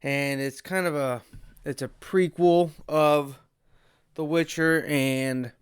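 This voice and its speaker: A man's voice: fairly high pitch, steady tone, slow, smooth, no room sound, clean studio sound. A man giving a casual spoken review in a rambling way with many restarts, interrupted by hiccups. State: has the hiccups. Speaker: video reviewer.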